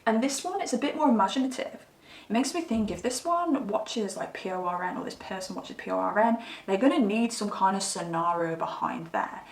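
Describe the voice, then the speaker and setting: A woman's voice: medium pitch, animated, fairly quick. A woman giving a casual tarot reading, chatty and giggly, often breaking into laughter. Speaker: tarot reader. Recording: echoey room, mic at a distance.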